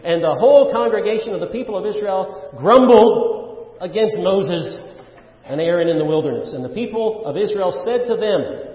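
A man's voice: high-pitched, lively intonation, moderate pace. A man preaching a sermon as pastor, earnest and full of rhetorical questions, with frequent "uh" fillers. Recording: dull, roomy church recording with long reverb.

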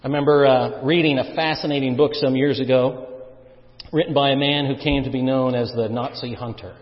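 A man's voice: fairly even intonation, fairly quick. Emphatic preacher man in an echoey hall. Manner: emphatic preacher, swinging between loud stresses and quiet low asides. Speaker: pastor. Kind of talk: sermon. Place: church sanctuary. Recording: echoey church hall, dull sound.

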